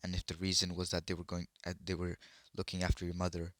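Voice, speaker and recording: A man voicing a miserable, excitable young boy in a storybook reading, talking in an emphatic rush. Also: low voice, fast talker, dry recording, studio quality. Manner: emphatic, wound up.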